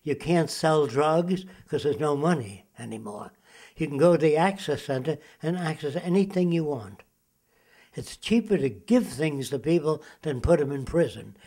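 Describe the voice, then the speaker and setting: Older man, interviewee, lectures with rhetorical questions, somewhat high voice. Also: lively intonation, normal speed, dark tone. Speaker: interviewee, futurist. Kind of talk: interview monologue.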